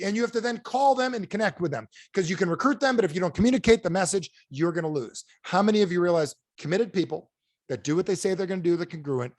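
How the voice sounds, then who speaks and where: A man speaking to a group on a video call like a motivational coach. His delivery is rapid and relentless, with a fairly high voice. The sound is close and dry, with no room echo. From United States. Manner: punchy, repetitive rhetorical questions. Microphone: close mic on a video call.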